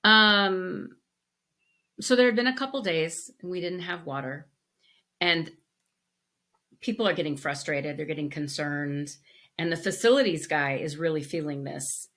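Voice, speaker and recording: A woman co-hosting a podcast, telling stories in a casual, animated way with frequent restarts. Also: deep voice, unhurried, long pauses. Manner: animated storyteller with many restarts. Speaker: podcast co-host. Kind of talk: casual conversation.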